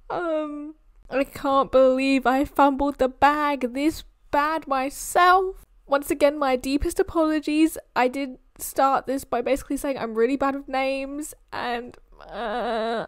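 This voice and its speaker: A woman's voice: sits high, no echo, clean studio sound. A young British woman giving playful, teasing commentary while reacting to a film. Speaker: movie reaction host.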